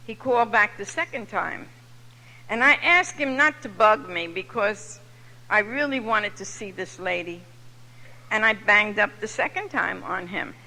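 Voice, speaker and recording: A woman, telling her own story at a recovery meeting with lively comic timing. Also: mid-range voice. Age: 70s. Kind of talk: personal testimony to a live audience. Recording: echoey hall from far off.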